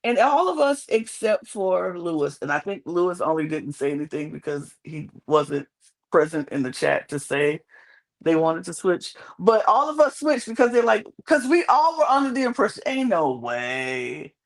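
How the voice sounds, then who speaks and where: A woman's voice: on the low side, normal speed, poor audio. A woman co-hosting a podcast, ranting emphatically and indignantly in casual chat, repeating phrases for effect. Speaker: podcast co-host. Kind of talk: heated casual recap rant.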